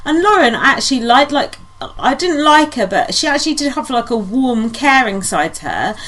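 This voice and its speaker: A woman co-hosting a podcast in casual chat, blunt and sweary with quick rants. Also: sits high, sing-song, a bit bright. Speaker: podcast co-host.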